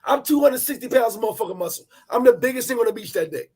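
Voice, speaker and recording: A man telling a personal travel story in animated, profane street talk, repeating words as he goes. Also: very high-pitched, fast talker, breathy edge. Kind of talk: casual storytelling chat.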